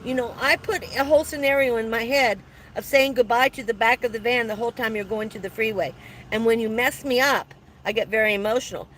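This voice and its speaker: Speaking a little fast in a voice on the high side, this seventy-something woman reads viewer comments during a relaxed live chat from her van. She's chatty, laughs frequently, and thanks her audience warmly. There's a bit of hiss or hum, and the audio quality is low.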